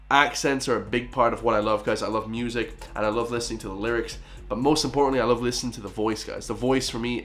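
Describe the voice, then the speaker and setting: A man from Ireland with a softened Irish accent, hosting a reaction video in an enthusiastic, casual way and often calling viewers "guys". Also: lowish voice. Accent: Irish, toned down. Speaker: reaction channel host.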